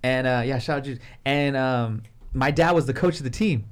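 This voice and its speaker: A man's voice: mid-range voice, fairly quick. A young man in casual chat, telling stories with lots of slang and swearing, now and then acting out his friends' lines in a raised voice. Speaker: podcast guest.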